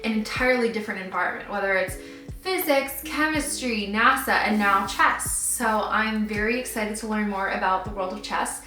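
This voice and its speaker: A young adult woman vlogging her reactions to a book, gushing and excitable with lots of filler words. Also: mid-range voice, moderate pace, far from the mic, soft background music. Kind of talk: casual reading vlog reactions. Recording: roomy sound, mic set back.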